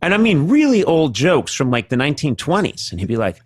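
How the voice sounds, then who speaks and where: Talk show host guy telling a story, super lively pitch, does little voices, dry close sound. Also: brisk, hardly any pauses, husky, dry recording. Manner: lively, acts out voices while telling anecdotes. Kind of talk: casual anecdote.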